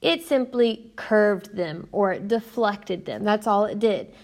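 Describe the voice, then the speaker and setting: A woman's voice: medium pitch, animated, takes it slowly, a little mellow. A young woman, teaching a recorded science lesson in a chatty, upbeat way and speaking straight to her students. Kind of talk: recorded classroom lecture.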